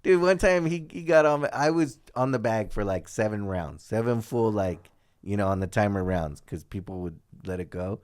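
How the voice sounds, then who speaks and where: Animated storytelling man, laughing often. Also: fairly low pitch, moderate pace, clean tone. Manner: animated, acts out others' voices with laughs. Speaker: podcast guest. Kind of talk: casual storytelling chat.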